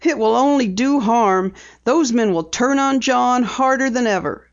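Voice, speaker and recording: A woman reading aloud gives voice to a frightened farm wife, tense and guarded, her tone pitched a touch higher and pressing. The sound is dull and lo-fi, like an old audiobook transfer. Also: normal speed, close to an everyday voice. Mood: anxious. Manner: pleading, tense.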